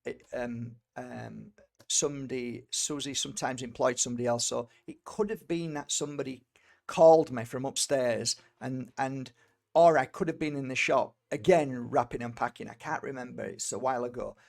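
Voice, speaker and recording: A man's voice: medium pitch, fairly even intonation, moderate pace, creaky, a little mellow. A middle-aged man from Britain, an energy healer, telling a personal story in a rambling way, with many fillers and restarts. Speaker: energy healer and tarot reader.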